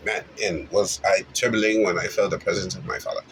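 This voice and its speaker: A man rambling through a spiritual monologue, preachy and full of rhetorical questions, jumping from low mumbles to high loud bursts. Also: very animated, moderate pace, few pauses, slight background noise, rough recording.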